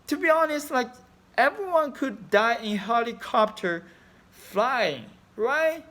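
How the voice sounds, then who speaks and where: In this emotional vlog, a fan in his thirties from China speaks accented, non-native English in a very high, sing-song voice with a sharp tone, taking his time. He pours out his grief in a rambling way, swearing a lot, with broken phrasing.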